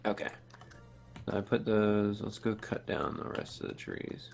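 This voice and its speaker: A man's voice: on the low side, a little slow, creaky, a little mellow, soft background music. A man casually chatting with a teammate during a multiplayer game, laid-back and joking. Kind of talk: casual gaming chat.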